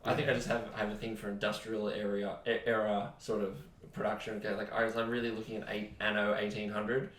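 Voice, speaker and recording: Casting note: male podcast host, animated and laughing, set back from the mic in an echoey room. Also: on the low side, fast, hardly any pauses, far from the mic. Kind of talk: casual chat.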